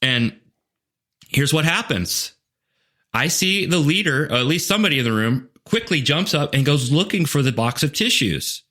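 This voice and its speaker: A man's voice: on the high side, expressive, normal speed, sharp tone. Guy on a podcast talking coaching, earnest, lots of like and you know, does little voices for quoted people. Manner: earnest, storytelling, many "like" and "you know" fillers. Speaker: leadership coach, podcast guest. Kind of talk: conversational podcast interview.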